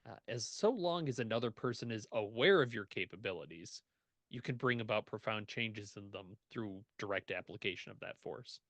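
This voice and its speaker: A man running a tabletop game as game master, relaxed and joking, laughing often. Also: on the low side, normal speed, no room sound.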